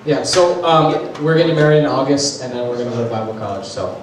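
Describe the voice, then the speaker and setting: A man's voice: medium pitch, quick pace. Young man telling a story in an echoey room. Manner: animated, laughing through his own story. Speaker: youth leader. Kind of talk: casual storytelling to a group. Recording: echoey room, distant mic, background noise.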